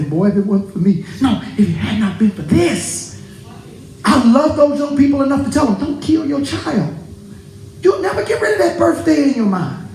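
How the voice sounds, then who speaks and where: A pastor preaching a sermon to his congregation, animated and joking with them. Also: high-pitched, echoey room, a little hiss or hum, poor audio. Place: church.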